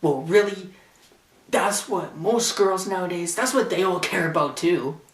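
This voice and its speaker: Slow, sarcastic teenage boy ranting. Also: high voice, roomy sound, far from the mic. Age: teens. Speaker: vlogger. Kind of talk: ranting vlog. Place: bedroom. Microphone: camcorder mic.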